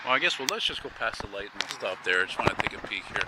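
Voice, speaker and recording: Here the walking-vlog host has a voice on the low side, expressive and racing as he wanders outdoors through busy city streets. His talk is rambling, casual and full of enthusiasm, with traffic audible around him.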